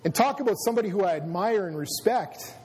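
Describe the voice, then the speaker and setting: A man's voice: sits high, lively intonation, quick pace, darkish tone, husky. A middle-aged man preaching a sermon, telling a personal story and building to emphatic preaching. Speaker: pastor. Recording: long hall reverb.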